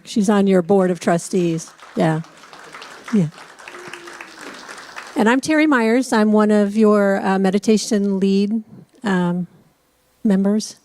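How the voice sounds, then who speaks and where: A woman's voice: mid-range voice, no room sound. A woman who leads meditation at a church, telling a chatty personal story with touches of humor. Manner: chatty, animated storyteller with self-deprecating humor. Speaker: meditation leader. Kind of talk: personal story told from the pulpit. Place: church service.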